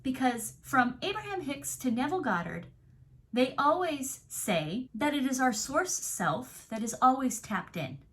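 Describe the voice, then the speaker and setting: A woman's voice: sits high, very animated, a little slow, a bit bright. A young adult woman coach giving an earnest, reflective self-help talk straight to the viewer. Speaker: manifestation coach.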